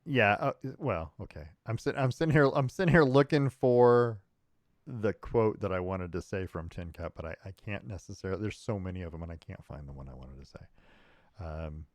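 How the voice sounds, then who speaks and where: Low-voiced man rambling about sports movies. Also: moderate pace, no room sound, clean studio sound. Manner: rambling, frequent restarts and fillers, chuckling. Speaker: podcast co-host. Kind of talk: casual sports chat.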